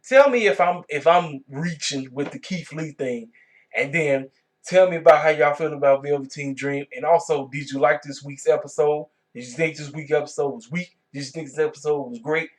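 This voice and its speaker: A man hosting his own wrestling review vlog, talking casually and reacting with animated disbelief. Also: fairly high pitch. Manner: animated, colloquial, exclaiming in disbelief. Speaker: wrestling review channel host.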